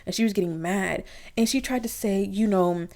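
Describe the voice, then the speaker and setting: A young adult woman casually reviewing a reality TV episode, animated and profane, often acting out quotes in exaggerated voices, recorded on a computer mic. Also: medium pitch, normal speed.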